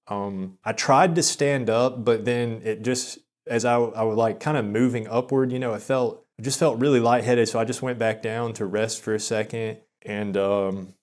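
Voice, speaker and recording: A man in his thirties telling a personal story in a rambling, self-deprecating way, with many halting restarts. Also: mid-range voice, steady tone, a little mellow. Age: 30s. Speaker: vlogger. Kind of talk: confessional storytelling monologue.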